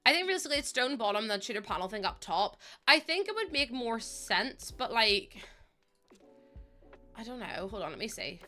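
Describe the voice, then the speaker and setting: A young woman live streaming, thinking aloud as she builds and warmly thanking viewers by name. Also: fairly high pitch, sing-song, moderate pace, soft background music. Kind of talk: casual live-stream chat while building in a game.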